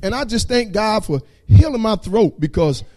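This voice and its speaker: A man's voice: high voice, lively intonation, normal speed, darkish tone. A man giving a fervent church testimony with a repetitive preaching cadence.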